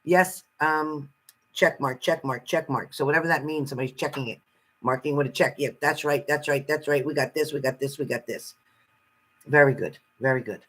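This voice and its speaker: A woman's voice: low voice, moderate pace, a bit bright, breathy edge, rough recording. A woman giving a casual live-stream tarot card reading, chatty and salty, greeting viewers fondly and swearing freely.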